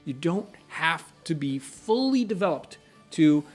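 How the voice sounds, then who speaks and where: A man's voice: on the high side, big pitch swings, a little slow, soft background music. A middle-aged man hosting a casual question-and-answer chat, explaining things earnestly and reading out viewer questions. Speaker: channel host.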